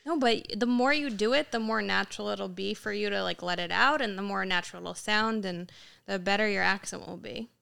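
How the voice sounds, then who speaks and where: A young woman in casual podcast chat, telling animated stories and acting out the people she quotes. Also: medium pitch, brisk, creaky, clean tone. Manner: animated storyteller, acts out quotes in Italian.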